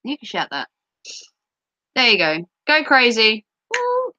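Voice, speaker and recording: A woman's voice: fairly high pitch, sing-song, a little slow, pushed and bright, no room sound, muffled recording. A middle-aged woman hosting a casual livestream, teasing viewers and reading their comments, her voice a little sore. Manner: playful, teasing, giggly. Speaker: livestream host. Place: home, streaming.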